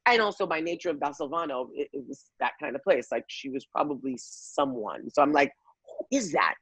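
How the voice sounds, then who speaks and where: A woman guest telling a lively personal story, acting out quotes from the people in it. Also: low-pitched, brisk, husky, no echo, rough recording. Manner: lively, acts out quotes, many fillers.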